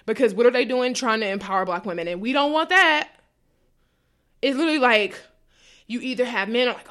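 Young woman, podcast co-host, heated profane rant, mocking impressions, slightly high voice. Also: animated, quick pace, a bit bright.

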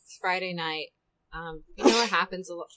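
A woman hosting a casual group chat, blunt and quick to laugh. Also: fairly low pitch, bright, forceful tone. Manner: laughs often, crude and blunt. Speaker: podcast host.

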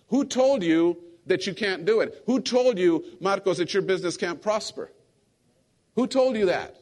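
A pastor giving a sermon, telling a story with lively acted-out quotes and calling out questions to his congregation. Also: high voice, moderate pace. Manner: animated storytelling, acting out quotes, asking the congregation.

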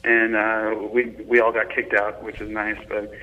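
A young man, a touring band musician, chatting as an interview guest in a halting way, often repeating words and poking fun at himself. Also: lowish voice, completely flat delivery, highs cut off. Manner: halting, repeats words, laid-back and self-mocking. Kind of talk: casual interview chat.

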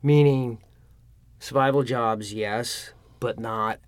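A man's voice: mid-range voice, unhurried, a little mellow. A middle-aged man, a guest actor, chatting casually and telling stories about his career, acting out old conversations. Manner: storytelling, acts out past dialogue. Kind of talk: casual interview chat.

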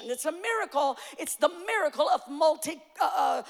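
A woman pastor preaching a sermon with rising fervor, often shouting her emphatic lines, with frequent fillers and repeated starts. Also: sits high, lively intonation, normal speed, few pauses. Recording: long hall reverb.

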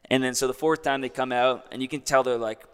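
A man's voice: mid-range voice, fairly even intonation, quick pace, fairly bright tone, smooth, long reverb tail. A young man casually telling a long story as a guest, in a laid-back way full of "like".

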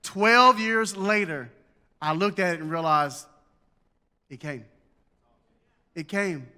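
A man's voice: sits high, slow pace, bright, forceful tone, long reverb tail. A man, preaching a sermon in a folksy, joking way that builds to emphatic preaching. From Southern United States. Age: 40s. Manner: folksy storytelling with jokes, rising to emphatic preaching. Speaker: pastor.

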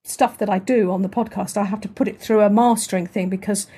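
A middle-aged woman from southern England with a southern English accent, hosting a podcast in casual chat, with a soft, quiet voice and a chatty, agreeing manner. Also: mid-range voice, fairly even intonation, quick pace, husky. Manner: chatty, frequent agreeing fillers and restarts. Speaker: podcast host.

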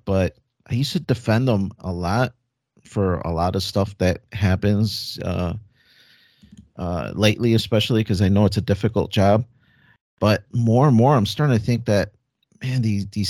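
Casual male co-host, low voice, thoughtful and a bit hesitant, dry sound. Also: a little mellow, dry recording. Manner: measured, reflective, hesitant restarts. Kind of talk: casual chat.

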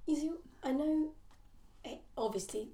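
Mellow high-voiced woman, echoey and distant. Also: measured pace. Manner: hesitant, restarts, lots of agreeing yeahs. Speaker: podcast co-host. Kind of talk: casual book-club chat. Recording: echoey room, distant from mic.

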